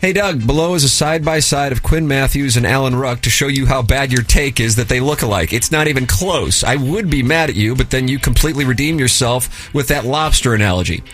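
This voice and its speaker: A man's voice: mid-range voice, a little fast, few pauses, a bit bright. A man hosting a radio show, reading listener emails aloud with a sarcastic, mock-formal delivery.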